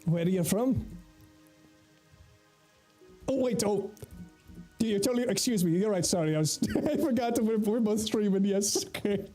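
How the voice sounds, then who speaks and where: A man's voice: high voice, lively intonation, moderate pace, long pauses, warm tone, soft background music. A man livestreaming an online game in character, joking around in a put-on Scottish-Irish lilt and laughing often. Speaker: streamer role-playing in an online game. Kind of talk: in-character role-play livestream chat.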